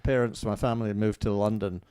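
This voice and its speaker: A man in his seventies from Glasgow, a guest on a live chat show, talking in a relaxed, wry and self-deprecating way. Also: on the low side, fast, clean tone. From Glasgow, Scotland. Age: 70s. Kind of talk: casual chat.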